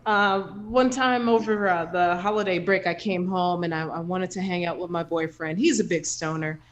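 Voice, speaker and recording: A woman's voice: lowish voice, steady tone, normal speed, lo-fi sound. A woman in her thirties from Chicago doing a stand-up set at an online open mic, with punchy, self-mocking delivery. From Chicago, United States. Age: 30s. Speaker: stand-up comic.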